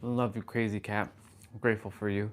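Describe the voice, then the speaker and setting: A man's voice: fairly low pitch, flat delivery, brisk. A man chatting casually on a live stream from his phone at home, rambling and greeting viewers by name. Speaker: vlogger. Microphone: phone on gimbal.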